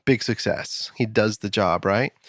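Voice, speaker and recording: A man hosting a podcast in casual chat, rambling and quick as he tells jokes. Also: lowish voice, fairly bright tone, no echo, studio quality. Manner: rambling, quick joke-telling. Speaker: podcast host. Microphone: studio mic.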